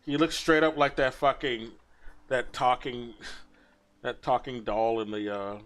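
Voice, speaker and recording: A man's voice: medium pitch, steady tone, unhurried, a bit bright. A young man ranting with crude, mocking commentary while reacting to a video on a stream. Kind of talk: casual profane commentary.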